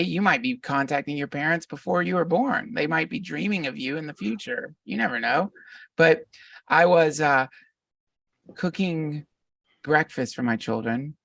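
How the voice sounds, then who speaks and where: A man's voice: fairly high pitch, creaky, a bit bright, no echo, far from the mic. A middle-aged man talking as a podcast guest, reflective and meandering, often restarting his sentences. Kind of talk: casual conversation.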